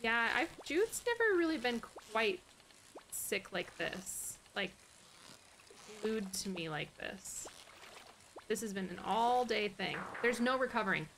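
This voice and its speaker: A woman streaming live gameplay, chatting to her viewers, swearing freely and talking softly to her dog. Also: a little high, sing-song, a little slow, slight background noise. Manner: swears often, chatty and exasperated; talks softly to her dog between game moments.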